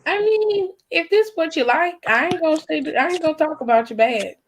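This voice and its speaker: A woman's voice: very high voice, lively intonation, a little fast, a little hiss or hum, rough recording. A woman hosting a casual Q&A call, teasing her friends with blunt slang and frequent laughter. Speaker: host of a live Q&A. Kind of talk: casual group chat.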